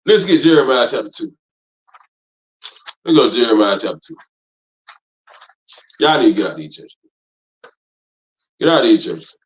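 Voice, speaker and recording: A man preaching hard in a teaching class, repeating himself, cursing, and swinging from loud outbursts down to low mutters. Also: lively intonation, normal speed, pauses often. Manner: emphatic, repetitive, profane, swings from loud to low. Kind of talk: fiery preaching lecture. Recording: dull lo-fi recording.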